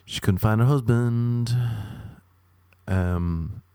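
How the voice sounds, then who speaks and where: A male stand-up comedian from Ireland works through his routine in a deadpan, wry manner. He repeats punchlines flatly and slips into mocking, acted-out quotes, at a mid pitch for a man. The sound is dry and close, with no room echo. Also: very slow, clear, resonant tone.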